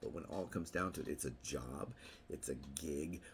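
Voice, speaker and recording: A man's voice: extremely low pitch, normal speed, slight background noise. A middle-aged man talking casually to camera, telling rambling anecdotes and acting out what people said in a raised voice. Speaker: vlogger.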